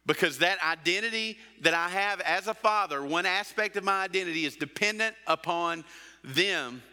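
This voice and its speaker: A man's voice: high voice, normal speed, pushed and bright, in a large hall. A middle-aged man preaching a sermon as pastor, asking rhetorical questions and acting out everyday quotes.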